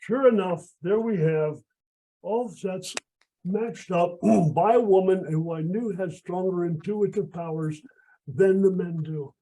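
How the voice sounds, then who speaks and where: A man's voice: high-pitched, slow pace, mellow, low-quality recording. A man performing a live magic act by video call, chatty and encouraging, with a cold that is making him lose his voice.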